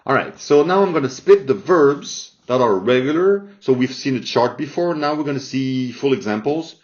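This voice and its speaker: A man's voice: mid-range voice, lively intonation, normal speed. A man teaching a language lesson, speaking patiently and often checking in with "all right?" after each example. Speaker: Spanish teacher. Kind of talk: slow spoken language lesson. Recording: dull lo-fi recording.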